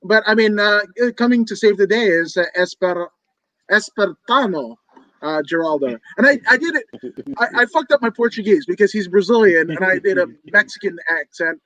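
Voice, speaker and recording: A man's voice: sits high, lively intonation, moderate pace, pushed and bright, dry recording, low-quality recording. A man co-hosting a casual fight-picks podcast, joking and swearing freely as he goes through the card. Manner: joking, profane, wrestling references. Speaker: podcast co-host. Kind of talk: casual fight-prediction chat.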